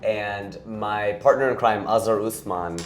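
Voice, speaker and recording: Hosting a casual interview, a man who is a comedian chats and jokes, rambling his way through questions and stories. His voice is fairly low and measured in pace, and the recording has a roomy sound.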